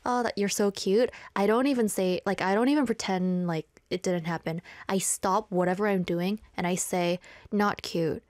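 A woman's voice: medium pitch, a little mellow, dry recording. A woman hosting a radio show in a studio, chatting casually and playfully and reading listener messages with frequent giggles.

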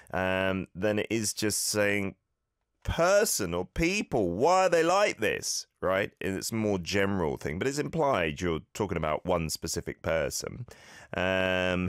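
A man with a fairly low voice hosts a relaxed language lesson. He talks in a chatty, playful way and repeats phrases aloud for listeners to copy. The sound is dry and close, with no room echo. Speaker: podcast host teaching Korean.

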